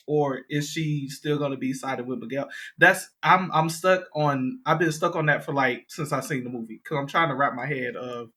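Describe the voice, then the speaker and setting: A man's voice: a little high, pushed and bright. A man co-hosting a podcast, chatting casually and thinking aloud with hesitant fillers. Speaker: podcast co-host. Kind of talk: casual chat.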